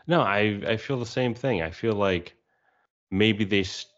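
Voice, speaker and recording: A man's voice: lowish voice, measured pace. A man co-hosting a casual fan podcast, musing aloud and firing off one speculative question after another. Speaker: podcast co-host. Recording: dull lo-fi sound.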